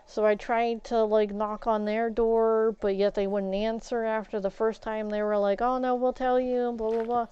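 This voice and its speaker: A woman streaming a game while telling a story in a casual way, getting loud and worked up as she recounts an argument and swapping curse words for "flip". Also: fairly high pitch, normal speed, few pauses, clean tone, no echo, lo-fi sound. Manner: animated, gets loud and agitated retelling a confrontation, swaps curses for "flip".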